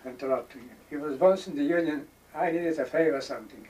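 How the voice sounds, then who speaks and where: A man's voice: on the high side, fast, darkish tone, far from the mic. An older man being interviewed alongside his brother, chiming in casually with his own side anecdotes. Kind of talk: casual chat. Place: retirement village home.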